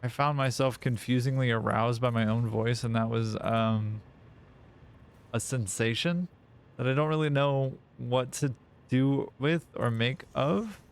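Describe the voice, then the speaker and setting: A man's voice: mid-range voice, unhurried, clear, resonant tone. A man live-streaming a factory-building game, rambling in casual, self-mocking chat and swearing freely into a desk mic.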